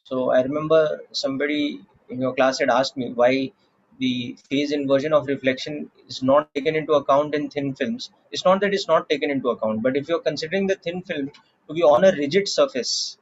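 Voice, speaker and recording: Husky Indian man teaching physics. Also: fairly high pitch, lo-fi sound. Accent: Indian English. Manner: slow, deliberate explaining with frequent "okay" checks. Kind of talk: classroom lecture.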